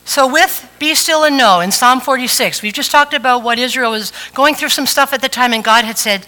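A woman's voice: high-pitched, a little fast, few pauses, pushed and bright, low-quality recording. A woman preacher giving a chatty, playful sermon with asides to the congregation. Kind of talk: conversational sermon.

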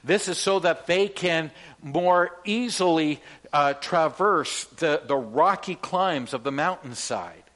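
A man's voice: a little high, takes it slowly, fairly bright tone. A man delivering a sermon as pastor, from Canada, emphatic and leading the congregation in call-and-response.

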